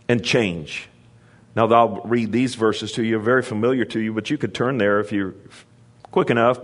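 A man preaching a sermon, calling for responses from the congregation and raising his voice for emphasis, with casual asides in between. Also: normal speed. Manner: call-and-response preaching, rises in pitch for emphasis; conversational asides and restarts.

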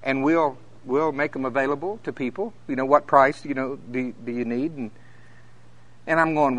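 With a medium pitch and a moderate pace, a middle-aged man preaches a sermon to a congregation. He brings his stories to life by acting out the people's voices, laughing often as he goes.

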